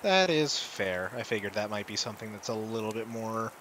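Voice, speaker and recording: A man's voice: on the low side, lively intonation, a little fast, noisy background. A man playing in a tabletop game, chatting casually with a laugh never far off. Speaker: player.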